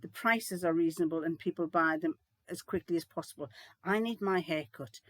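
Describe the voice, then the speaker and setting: A woman's voice: fairly low pitch, a little fast, no echo. An older woman, rambling and chatty as she answers viewers' questions in a sewing vlog, with lots of fillers and restarts. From United Kingdom. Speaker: sewing vlogger. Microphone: laptop mic.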